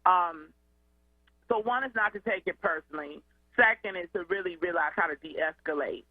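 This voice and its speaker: A woman educator and student advocate, a guest calling in to a radio show, explaining in an animated, conversational way. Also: lowish voice, moderate pace, no echo. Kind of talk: radio call-in interview. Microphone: phone line. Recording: tinny phone line.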